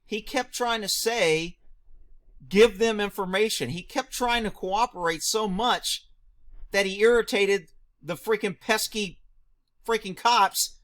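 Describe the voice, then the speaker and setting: A man reacting to a news clip, firing off rhetorical questions, answering them himself and shouting mocking asides. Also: high voice, measured pace. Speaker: video commentator; former police officer.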